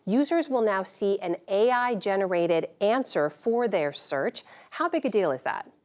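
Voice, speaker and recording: A woman news anchor reading a scripted story and interviewing a guest with a measured, clear delivery. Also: medium pitch, expressive, darkish tone.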